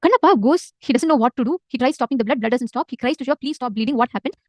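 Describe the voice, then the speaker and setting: A woman retelling a devotional legend in casual spoken style, animated and emphatic, repeating phrases for effect. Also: high voice, rapid-fire, no room sound. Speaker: storyteller in a spiritual session.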